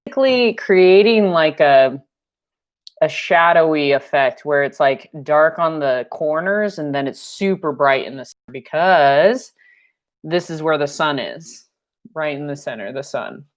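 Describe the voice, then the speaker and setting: Young woman, paint-night instructor on a live stream, slow and chatty, low-ish voice, jokes and laughs a lot. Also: lively intonation. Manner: chatty and jokey, laughs often.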